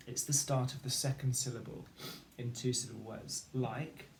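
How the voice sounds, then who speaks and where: A man's voice: medium pitch, steady tone, normal speed, creaky. A man teaching a phonics lesson, patiently sounding out letters and words. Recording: echoey room, faint background noise.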